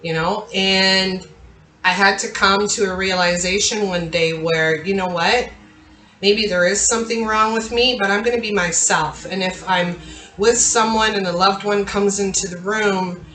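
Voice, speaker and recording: A woman's voice: medium pitch, sharp tone, a little hiss or hum. A woman host speaking candidly to her listeners, telling a personal story in a confiding way with frequent fillers. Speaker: therapist and channel host. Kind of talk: personal talk to camera. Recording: roomy echo with faint ambience.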